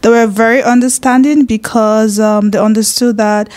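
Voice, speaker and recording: A young woman from Nigeria, chatting in an interview in an expressive way with plenty of fillers and restarts. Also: on the high side, normal speed. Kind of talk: casual interview chat.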